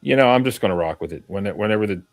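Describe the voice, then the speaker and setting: A man who is an actor, chatting casually on a panel, often trailing off into fillers and halting restarts. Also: fairly low pitch, animated, dry recording.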